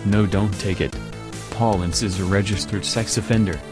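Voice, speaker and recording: A man's voice: sits low, fairly even intonation, moderate pace, music in the background. A man playing a rival buyer in a comedy sketch, complaining in a prim, whiny way.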